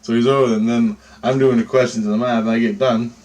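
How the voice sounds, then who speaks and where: A vlogger recounts a dream in a rambling, agitated monologue, swearing often and repeatedly checking in with "right?" in a conversational way. His medium-pitched voice is darkish in tone, moves quickly and has little pitch movement.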